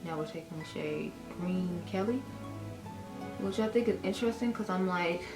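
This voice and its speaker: A beauty vlogger rambles casually through a makeup tutorial at home, calling her viewers y'all. Her voice is on the low side and her pace is normal. The room is echoey, with music playing behind her.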